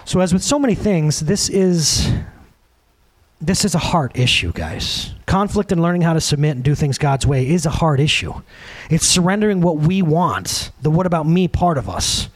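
A man's voice: a little high, moderate pace. A man in his thirties, a pastor, preaching a conversational sermon and acting out quotes in other voices. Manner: conversational, animated, acts out quotes.

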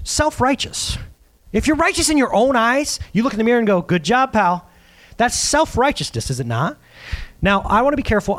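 A male pastor preaching a sermon in a casual, animated way, acting out the quotes he reads. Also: sits high.

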